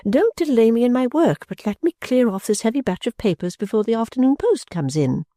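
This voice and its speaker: A woman voicing a self-absorbed middle-aged mother who talks in a calm, clear, smoothly condescending tone, in an audiobook reading. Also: a little high, a little fast, dry recording, clean studio sound, pitched above the performer's own voice. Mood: serene, dismissive. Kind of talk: audiobook character voice.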